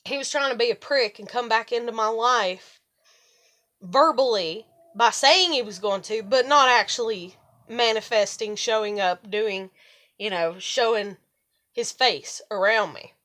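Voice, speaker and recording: A middle-aged woman vlogging in a rambling, profane monologue, animated when she retells arguments. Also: a little high, a little slow. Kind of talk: casual monologue to camera.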